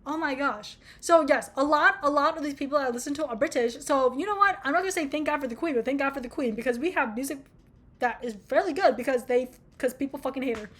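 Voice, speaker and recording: A woman's voice: sits high, fast talker, fairly bright tone. A young American woman in her twenties chatting casually about music, rambling, swearing and mocking herself. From United States. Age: young adult. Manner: rambling, profane, self-mocking. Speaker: vlogger. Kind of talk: casual chat.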